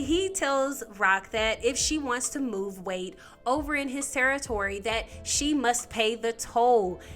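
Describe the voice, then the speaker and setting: Chatty woman with a bright, higher voice. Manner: chatty, slangy, animated storytelling. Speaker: TV recap host. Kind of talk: casual TV episode recap.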